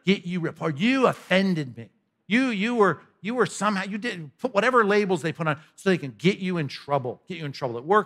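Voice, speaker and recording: Lively, conversational male preacher. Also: high-pitched. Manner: conversational, animated, humorous asides. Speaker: pastor. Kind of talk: sermon.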